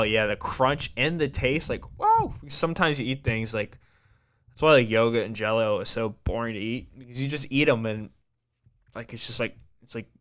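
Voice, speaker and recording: A man's voice: medium pitch, a bit bright, clean tone. A man hosting a podcast, talking in a casual, rambling way with a heavy stutter and frequent restarts. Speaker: podcast host.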